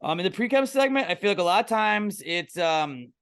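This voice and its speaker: A man's voice: high voice, animated, fairly quick, a bit bright, smooth. A man co-hosting a podcast in casual chat, rambling and leaning heavily on "like" as he talks. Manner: rambling, full of "like" fillers. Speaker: podcast co-host.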